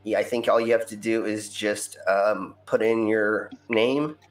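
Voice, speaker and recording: Low-voiced man hosting a game stream. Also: fairly even intonation, unhurried. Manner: rambling, lots of ums and uhs. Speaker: stream host. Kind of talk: casual chat. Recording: roomy echo, faint music.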